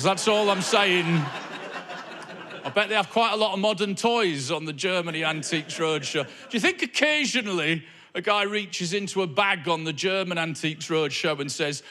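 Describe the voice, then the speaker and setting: A man's voice: high voice, background noise. A male stand-up comedian on stage, talking to the crowd in a wry, conversational way full of observational asides. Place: comedy club stage before a live audience.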